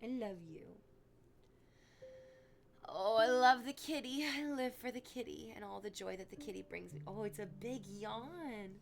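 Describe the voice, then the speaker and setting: A woman's voice: fairly high pitch, a little slow, crowd noise. Chatty woman streamer gushing and rambling. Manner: gushing, rambling, talks baby talk to her cat. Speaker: livestreamer. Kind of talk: casual chat to stream chat. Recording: music playing clearly behind her.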